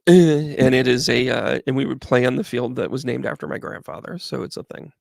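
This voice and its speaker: A man's voice: medium pitch, a little fast, vocal fry, few pauses, no echo, studio quality. A middle-aged man, hosting and telling a rambling story in a chatty way, with frequent restarts. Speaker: host, medium. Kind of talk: casual storytelling to a live audience.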